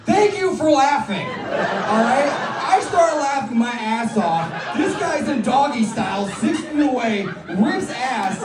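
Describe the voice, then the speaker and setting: A man's voice: very high-pitched, big pitch swings, slow. A man performing a stand-up comedy set, brash and crude, teasing the crowd in a comedy club. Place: comedy club stage with live audience. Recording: roomy club sound from a distant mic. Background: audience laughter.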